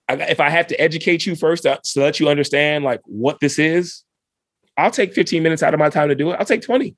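A male dentist as a podcast guest, telling stories in a relaxed, slangy way and acting out his patients' lines. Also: a little high, brisk, no room sound. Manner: lively, acts out patient dialogue in quoted voices; laid-back, slangy. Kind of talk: casual interview storytelling.

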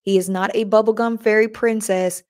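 A woman's voice: medium pitch, steady tone, moderate pace, a little mellow. Chatty woman hosting a live stream. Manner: chatty, addresses listeners as y'all, reads comments aloud. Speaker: podcast host reading live chat. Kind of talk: casual live-stream faith talk.

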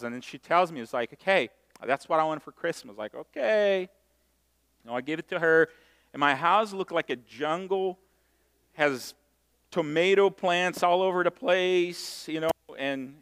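A middle-aged man from Brazil, preaching a sermon and telling stories in a self-mocking, animated way. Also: on the high side, smooth. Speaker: pastor. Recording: long hall reverb.

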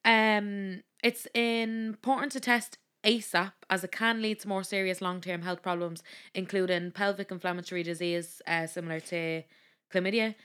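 A woman's voice: medium pitch, steady tone, moderate pace, fairly bright tone, clear, resonant tone. A woman co-hosting a podcast, reading from her notes with lots of ums and breaking into giggles. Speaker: podcast co-host. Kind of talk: casual podcast chat.

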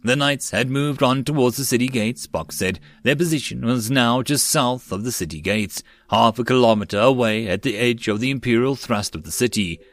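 A man reading a web novel aloud as an audiobook narrator in a steady way. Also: medium pitch, moderate pace, hardly any pauses.

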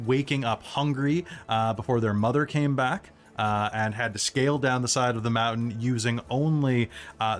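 A man narrating a tabletop game as game master, rambling with fillers and self-corrections. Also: on the low side.

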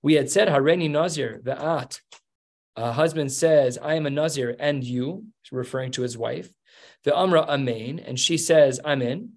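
A man's voice: fairly high pitch, moderate pace. Man teaching a Talmud class. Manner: explains step by step, acts out quoted lines. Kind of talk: Talmud lesson.

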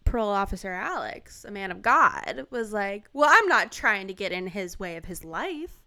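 A young woman in casual chat, telling a story with animated acted-out quotes. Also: medium pitch, moderate pace.

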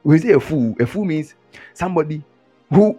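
A man delivers a lively sermon. He mimics boastful talk and chuckles at it, over faint music. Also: fairly high pitch, measured pace, husky. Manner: animated, mocking mimicry, frequent chuckles. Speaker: preacher.

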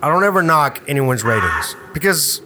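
A man hosting a casual beer-review podcast, animated and profane as he tells stories. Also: a little high, moderate pace. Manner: animated, swearing storyteller. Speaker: podcast host. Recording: noisy room.

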